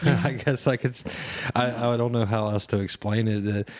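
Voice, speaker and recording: A man hosting a podcast in casual chat, speaking haltingly with frequent restarts. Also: medium pitch, steady tone. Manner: halting, many restarts and laughs. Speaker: podcast host.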